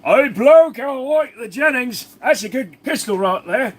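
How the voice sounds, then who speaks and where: Man doing Australian bloke, Australian accent, very high voice, breezy, drawling. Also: animated, a little slow, heavily acted. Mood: cheery. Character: cheerful adult male Australian bloke.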